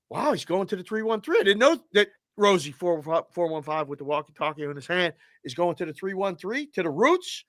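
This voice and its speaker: A male host on a live show, cheerfully reading out viewer shout-outs with names and area codes. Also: sits high, big pitch swings, a little fast, few pauses, no room sound, clean studio sound.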